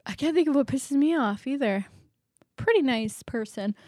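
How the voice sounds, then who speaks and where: A woman's voice: high voice, animated, moderate pace, darkish tone, no room sound, studio quality. A woman co-hosting a podcast, chatting casually with crude, giggly humor. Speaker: podcast co-host. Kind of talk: casual chat.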